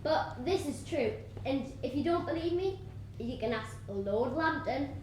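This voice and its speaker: Girl playing an excitable boastful kid, high voice, very echoey stage, faint noise. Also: unhurried. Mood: chatty. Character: excitable local child boasting about her dad. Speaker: youth theatre actor. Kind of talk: stage play acting.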